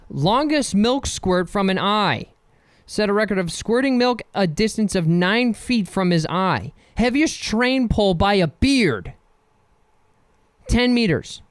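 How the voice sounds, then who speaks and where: A man's voice: high voice, smooth, no echo. A man hosting a casual solo podcast, rambling and joking and often laughing. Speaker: podcast host.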